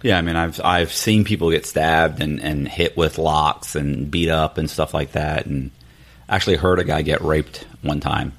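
Deep-voiced man telling a story. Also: normal speed. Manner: animated, acts out quoted dialogue with high-pitched voices; loose and rambling with restarts. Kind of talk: casual storytelling chat.

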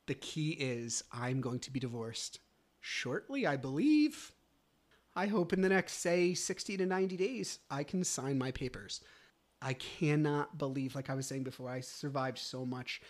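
Alone at a podcast mic, a male host delivers a solo monologue, overwhelmed with relief and gratitude. His mid-range voice is raw and heartfelt; he swears often and sometimes sinks to a hushed near-whisper.

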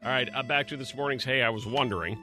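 Bright-voiced joking radio host man. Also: medium pitch, quick pace, faint music behind. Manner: joking, directs the crew. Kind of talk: radio show banter.

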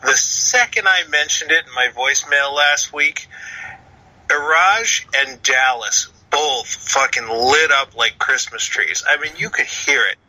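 A man's voice: medium pitch, a little slow, sharp tone. A man in his thirties from the Boston area, leaving a profane, emphatic voicemail for a podcast. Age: 30s. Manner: profane, emphatic, lists points. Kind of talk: casual voicemail rant. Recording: phone-line voicemail.

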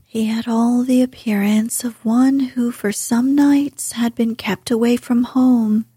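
A woman reading a storybook aloud in whispered role-play, softly and unvoiced. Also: a little high, slightly rough, no room sound, studio quality. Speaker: narrator.

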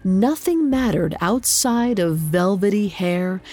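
A woman narrating a folk tale in a measured, even scripted reading. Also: mid-range voice. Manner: measured, even storytelling delivery. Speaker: storyteller.

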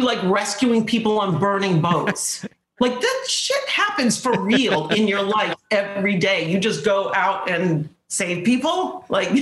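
A woman tells a story in an animated way and slips into the voices of the people in it. Her voice sits mid-pitch and carries a roomy echo. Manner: animated storyteller, acts out quotes. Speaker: guest. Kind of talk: casual anecdote.

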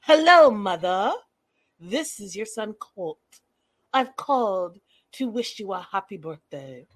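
A woman voicing a stiff, oddly formal young man who calls his mother, speaking slowly and eerily politely. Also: medium pitch, big pitch swings, dry recording.

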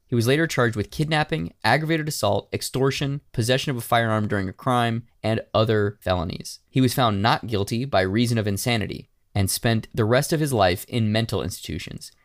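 Man, podcast co-host, casual storytelling, animated quotes, swearing. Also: mid-range voice, fairly quick, hardly any pauses. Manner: animated storytelling, acting out shouted quotes with profanity. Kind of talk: casual true-crime podcast chat.

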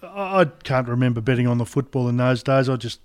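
An older Australian man spins relaxed, rambling yarns in a casual radio chat. His voice sits in a plain middle pitch, and he often restarts his sentences mid-thought. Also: quick pace, clear, resonant tone. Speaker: former rugby league player on a sports radio show.

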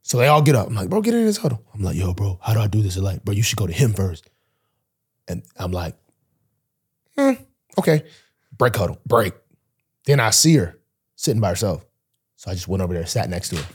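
Brisk but pausing often, a young man with a breathy edge hosts a podcast, telling a story in casual chat. He also plays pro football, and he animatedly voices the people in the tale, jumping widely in pitch.

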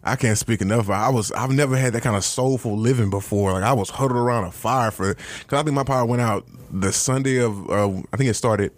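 A man's voice: mid-range voice, a little fast, few pauses, dry recording. A man from Texas co-hosting a podcast, easygoing and chatty. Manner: easygoing, laughs often. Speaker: podcast co-host. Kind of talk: casual chat.

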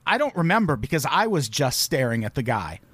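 Man, podcast co-host, lively up-and-down voice, sarcastic, dry close sound. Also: medium pitch, a little fast, breathy edge, no room sound. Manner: animated, sarcastic, swears freely. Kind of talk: casual comedic chat.

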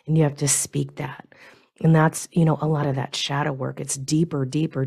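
A woman's voice: sits low, creaky, darkish tone. A woman hosting a talk show, responding reflectively and affirmingly to her guest. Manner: reflective, affirming, with small restarts. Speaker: podcast host. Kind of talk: reflective conversation.

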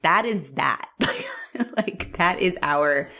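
A woman talks casually as a podcast co-host, her voice sitting a little low but swinging widely in pitch. She is animated and full of fillers, laughing easily between thoughts. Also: slow pace. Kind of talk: casual chat.

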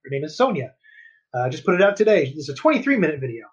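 A man's voice: a little high, big pitch swings, fast talker, breathy edge, lo-fi sound. A man co-hosting a podcast, chatting casually and explaining at length. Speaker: podcast co-host. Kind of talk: casual chat.

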